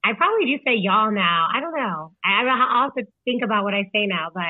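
A woman's voice: mid-range voice, lively intonation, brisk, dry recording. A young woman from Illinois, a podcast guest and author, chatting casually and saying "like" a lot. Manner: chatty, laughs often, says "like" a lot. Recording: tinny phone-like line, dry.

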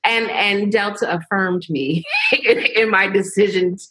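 A woman's voice: mid-range voice, a little slow, a bit bright, shouting. A woman writer, a guest in casual chat, who laughs often as she talks. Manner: laughs often while talking.

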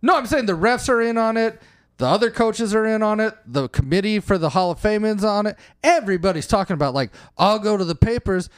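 A man in casual, joking chat about a movie, swearing and breaking into shouted impressions. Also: high-pitched, brisk, clear, resonant tone.

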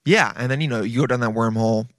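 A man's voice: medium pitch, fast talker, no echo, studio quality. A man hosting a podcast in a casual, rambling comedic monologue, swearing freely and calling listeners dude. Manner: profane, rambling, chummy, says dude a lot. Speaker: podcast host.

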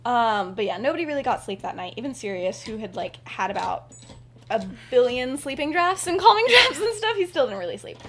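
A woman's voice: sing-song, fairly quick, a little hiss or hum. A woman casually retelling a fan story on a podcast, rambling with lots of "like" and "um" fillers. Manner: drops into soft, low asides.

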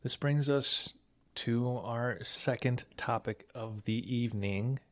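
A man's voice: medium pitch, takes it slowly, no echo. A man hosting a casual podcast, blunt and dry in delivery, swearing freely. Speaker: podcast host. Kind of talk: casual chat.

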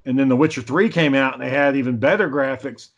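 A man chatting casually with friends, telling animated stories full of swearing. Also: medium pitch, fast talker, highs cut off. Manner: profane, animated storyteller. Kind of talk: casual chat among friends.

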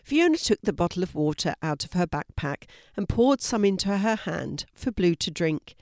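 In a low, gentle voice, an older woman reads a children's story aloud, calm and clear, at a moderate pace. The recording is dry and close, without any echo.

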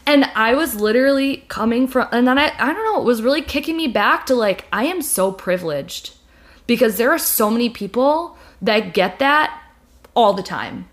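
A woman's voice: fairly high pitch, lively intonation, normal speed. A young woman hosting a casual chat about making videos, talking candidly and rambling with plenty of fillers and restarts. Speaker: video creator and podcast host.

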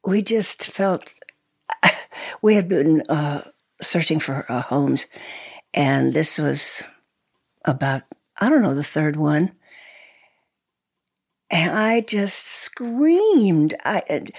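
Slow, gravelly older woman. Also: deep voice, very animated, dry recording. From Sweden. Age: 80s. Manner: soft-spoken, halting, laughs often. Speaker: interview guest. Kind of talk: reminiscing conversation.

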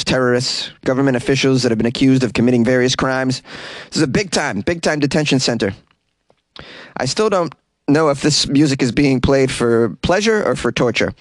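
A man's voice: mid-range voice, no echo. A male comedian rambles through a casual monologue, cracking jokes and tripping over foreign words. His voice sits in a middle range. The recording is close and completely dry, as if made in a closet. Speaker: comedian podcast host. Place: small closet.

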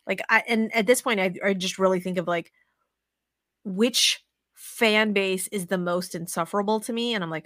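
A woman's voice: mid-range voice, normal speed, a bit bright, no room sound, studio quality. A young woman hosting a casual podcast chat. She swears a lot and acts out her own thoughts as quotes. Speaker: podcast host.

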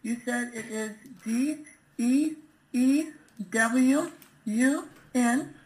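A man's voice: extremely high pitch, extremely slow, exaggerated voice, rough recording. A man voicing a nervous young woman in her twenties on a prank call, giggling and hesitant with many ums. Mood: nervous giggly.

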